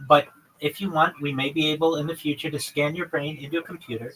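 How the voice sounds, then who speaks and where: Bright, earnest man on a distant mic. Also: on the high side, steady tone, quick pace, slight background noise. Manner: earnest, lists many topics in long runs. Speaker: livestream host. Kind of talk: livestream chat with a caller.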